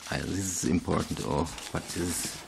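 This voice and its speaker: A man's voice: sits low, fairly even intonation, moderate pace, vocal fry, noisy background. A man, chatting casually through a craft tutorial in broken English, rambling and laughing at himself. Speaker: video maker.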